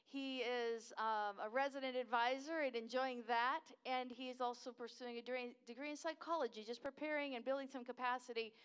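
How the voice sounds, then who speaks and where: A woman's voice: a little high, fairly even intonation, a little fast, hardly any pauses, smooth. An American woman in her fifties gives a chatty, enthusiastic missionary talk at a church service, wandering off track and laughing at herself.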